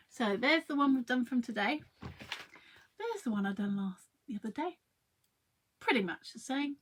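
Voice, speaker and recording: A woman's voice: high-pitched, sing-song, moderate pace, long pauses, noisy background. A woman in her thirties chatting to viewers while she demonstrates a craft project live. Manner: chatty, friendly, talks to viewers and reads their comments.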